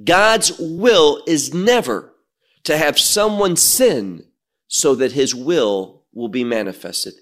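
A man preaching a sermon, teaching verse by verse in a slow, emphatic delivery. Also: fairly high pitch, lively intonation, a bit bright.

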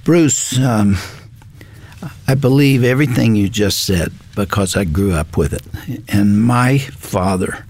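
Slow, gravelly-voiced male host. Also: on the low side, a little mellow. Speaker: talk show host. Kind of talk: interview conversation.

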